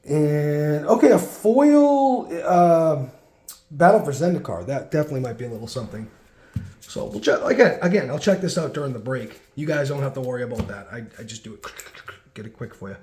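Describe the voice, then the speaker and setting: A man's voice: a little high, animated, a little fast, dark tone. A man rambling through childhood stories in a casual vlog while sorting cards, full of fillers and restarts. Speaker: card collection vlogger. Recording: echoey room.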